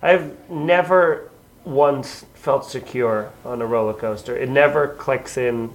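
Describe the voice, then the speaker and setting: A man from Long Island, New York, chatting as a guest in a basement, rambling in a relaxed way with many fillers. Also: medium pitch, slow, rough recording. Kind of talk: casual chat. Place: basement room.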